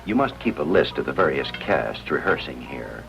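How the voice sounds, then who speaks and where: An actor playing an earnest, persistent hospital chaplain in an old radio drama. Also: male voice, a bass voice, big pitch swings, moderate pace, creaky, music in the background, full character voice. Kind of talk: 1950s radio drama acting. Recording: dull lo-fi old radio recording.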